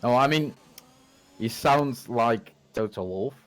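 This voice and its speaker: A man commentating a race over a gaming headset, hesitant and dry with deadpan jokes. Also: mid-range voice, slow.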